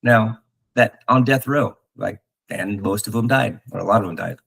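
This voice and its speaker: A man with a low, gravelly voice and a husky edge talks through spiritual ideas. He is earnest and halting, stopping and restarting often with fillers. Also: a bit bright, low-quality recording. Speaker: podcast host. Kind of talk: reflective spiritual talk.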